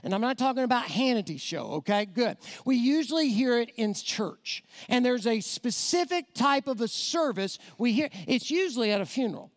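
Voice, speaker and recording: High-voiced preacher in a reverberant church. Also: male voice, lively intonation, normal speed, few pauses. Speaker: guest preacher. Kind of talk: evangelistic sermon. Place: church sanctuary. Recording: long reverb of a large church hall.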